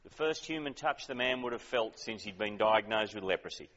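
A man's voice: fairly low pitch, lively intonation, moderate pace, hardly any pauses, a bit bright, in a large hall, lo-fi sound. A man preaching a sermon in a conversational, emphatic way, often asking questions.

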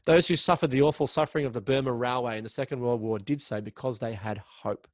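Male preacher, earnest sermon delivery, medium pitch, dry close-miked recording. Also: no echo. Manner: earnest, slows down for emphasis, occasional restarts.

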